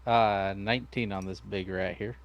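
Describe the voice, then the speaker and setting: A man's voice: fairly low pitch, steady tone, normal speed, background noise. A man playing a tabletop game, casually working through his dice math aloud. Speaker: player.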